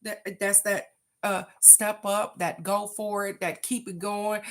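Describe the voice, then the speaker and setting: A woman's voice: medium pitch, little pitch movement, takes it slowly. A woman hosting a casual live oracle card reading, talking straight to her viewers in an encouraging, motivational way. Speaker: oracle card reader, livestream host.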